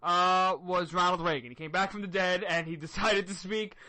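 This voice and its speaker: A man's voice: sits high, steady tone, normal speed, bright, forceful tone, no echo. A man in his twenties hosting a talk radio show, joking and teasing in casual banter. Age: 20s.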